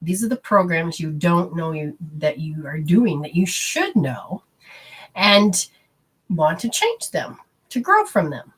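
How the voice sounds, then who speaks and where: A woman's voice: on the low side, very animated, slow, fairly bright tone, breathy edge. A middle-aged woman hosting a spiritual talk show, speaking in a chatty, rambling way and acting out quoted voices. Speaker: spiritual radio host. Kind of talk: casual spoken talk.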